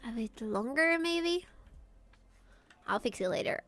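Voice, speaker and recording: A woman's voice: fairly high pitch, lively intonation, unhurried, a bit bright, soft background music. A woman streamer chatting casually and jokily while she sketches, thinking aloud as she goes. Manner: playful, jokey, thinking aloud.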